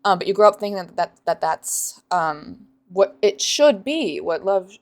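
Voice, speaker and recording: A woman's voice: mid-range voice, expressive, measured pace. A woman hosting a casual book reaction vlog, sarcastic and rambling, often laughing at her own jokes. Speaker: book reviewer.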